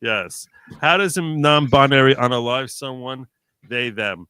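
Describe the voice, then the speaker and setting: A man's voice: medium pitch, a little slow, sharp tone, clear, resonant tone, no echo. A man hosting a casual live stream, reading viewers' jokes aloud and reacting to them.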